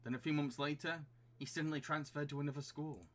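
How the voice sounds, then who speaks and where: A man's voice: a little high, fairly even intonation, fast talker, a bit bright. A man casually commenting and reading aloud in a playful game playthrough, laughing often. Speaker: let's-play host.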